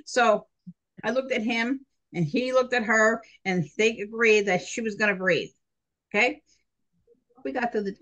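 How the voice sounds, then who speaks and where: A middle-aged woman teaching a nursing class in a chatty, animated way, talking straight to her students. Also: mid-range voice, low-quality recording. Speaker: nursing instructor. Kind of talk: recorded classroom lecture.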